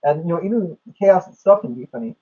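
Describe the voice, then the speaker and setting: A man's voice: high-pitched, expressive, quick pace, creaky, husky. A man talking casually about comedy, rambling with plenty of fillers. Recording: dull lo-fi recording.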